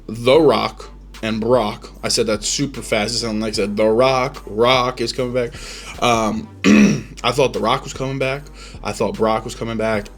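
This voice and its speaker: A man hosting a podcast, giving rambling, opinionated reactions in casual chat, full of ums and restarts. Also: on the low side. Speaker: podcast host.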